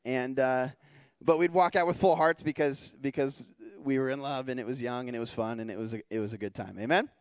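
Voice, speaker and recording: A male worship leader telling a story in a sermon, animated and chatty, often restarting and asking the room "right?". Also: medium pitch, smooth, no echo. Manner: animated, chatty storyteller who acts out dialogue; frequent restarts and rhetorical "right?".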